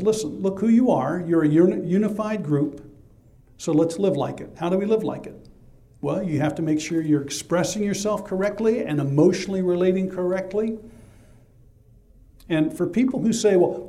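A pastor with a high-pitched but dark-toned voice preaches a sermon. He's emphatic yet conversational, posing rhetorical questions and then answering them himself.

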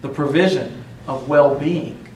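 A man delivers a sermon in a relaxed, conversational voice, slipping in jokes and slowing down to stress key lines. His voice sits somewhat high for a man. It is picked up from a distance in a roomy, echoing space with faint ambience behind. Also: a little hiss or hum. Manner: conversational preaching with joking asides, slows for emphasis. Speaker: preacher.

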